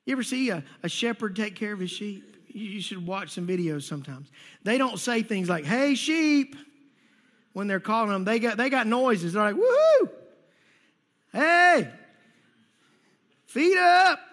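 A man with a notably high voice preaches to his congregation. He talks in an energetic, conversational way and slips into playful acted asides. His voice rings out with a long reverb, as in a church sanctuary. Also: brisk. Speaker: pastor. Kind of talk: sermon.

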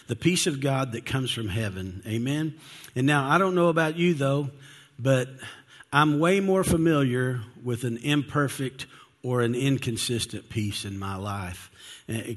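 A man preaching a sermon in a mid-pitched, everyday voice. He talks earnestly and conversationally, asks his listeners questions, and often restarts his sentences. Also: moderate pace. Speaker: pastor.

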